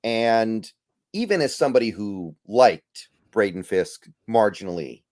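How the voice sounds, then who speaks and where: A man's voice: lowish voice, lively intonation, a little slow, a little mellow, dry recording, clean studio sound. A man hosting a casual podcast, easygoing and thinking aloud with trailing fillers as he runs through picks. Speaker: podcast host.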